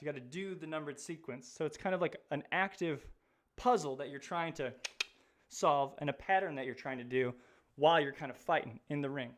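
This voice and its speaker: Upbeat, breathless young man, high voice. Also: a bit bright. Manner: upbeat, chatty, addresses viewers directly. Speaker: host of an educational live stream. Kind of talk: energetic live-stream talk to chat.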